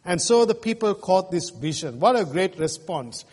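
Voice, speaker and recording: A man's voice: high-pitched, big pitch swings, a little mellow. A male pastor from Australia preaching an emphatic sermon to his congregation. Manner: emphatic preaching with mocking jeers and pauses. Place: church sanctuary. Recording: reverberant church hall.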